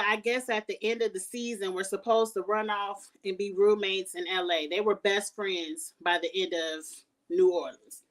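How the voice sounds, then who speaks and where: A woman's voice: mid-range voice, steady tone, normal speed, distant mic. A woman hosting a casual review vlog, recapping a reality show in a sassy, shady, blunt way.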